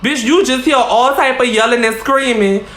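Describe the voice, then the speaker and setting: A woman's voice: a little high, moderate pace, a bit bright. A woman vlogger telling a casual story in a chatty, profane way, calling the listener girl again and again. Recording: roomy echo.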